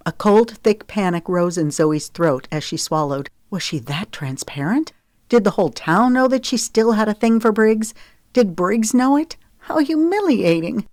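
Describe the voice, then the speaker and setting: A woman with a mid-range voice reads a romance audiobook in steady, measured scripted narration. The recording is dry and clean, studio quality.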